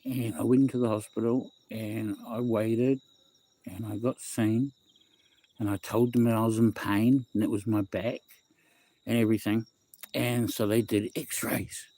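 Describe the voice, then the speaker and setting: A young man from West Auckland, New Zealand, hosts a casual livestream from home, speaking with a New Zealand accent. His voice is mellow and on the low side, fairly even in intonation and a little slow. He rambles through a story and greets viewers by name.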